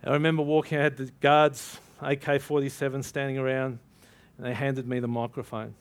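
A man preaching a sermon, telling a story with animated energy and acting out both sides of the dialogue. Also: medium pitch, a little fast.

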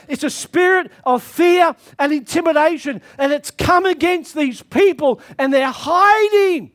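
A man preaching a sermon to his church, reading scripture and pushing into shouted calls to action. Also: extremely high pitch, measured pace, hardly any pauses. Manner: impassioned preaching that swells into shouted exhortations.

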